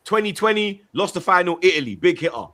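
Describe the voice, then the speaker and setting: A man co-hosting a football podcast, talking in animated, slangy casual chat. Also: high-pitched, fast talker.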